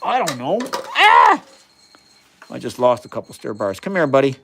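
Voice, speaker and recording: A man's voice: mid-range voice, big pitch swings, quick pace, vocal fry, slight background noise. A man in his fifties hosting a casual livestream, doing chemistry experiments and answering viewers' questions with enthusiasm. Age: 50s. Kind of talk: casual live-stream chat while doing experiments.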